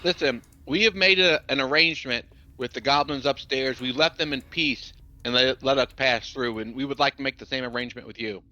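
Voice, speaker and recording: A man playing a tabletop game, negotiating in a measured way in character. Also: mid-range voice, pushed and bright. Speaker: player. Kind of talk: tabletop role-play. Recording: dull lo-fi mic.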